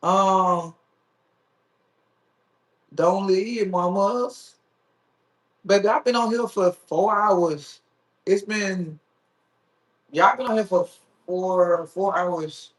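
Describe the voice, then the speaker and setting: A man with a high voice who talks in an unhurried, drawn-out way. He hosts a casual live stream and banters playfully with his viewers, teasing them as he reads their comments aloud. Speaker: livestream host.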